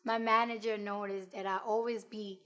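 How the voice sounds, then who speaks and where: A woman's voice: mid-range voice, normal speed. Blunt, profane New York woman rapper. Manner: blunt, profane, animated storytelling. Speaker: rapper, interview guest. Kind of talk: casual interview chat.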